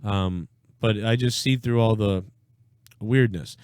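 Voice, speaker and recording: A man's voice: fairly low pitch, slow pace, a little mellow, clean tone, no echo, clean studio sound. A young man hosting a live reaction stream, talking bluntly and sarcastically, with plenty of swearing. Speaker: live-stream show host. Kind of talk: casual political reaction stream.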